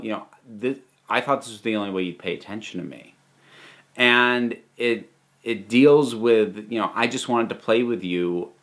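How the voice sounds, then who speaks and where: A man giving a casual spoken movie review, animated, with many restarts and asides. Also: mid-range voice.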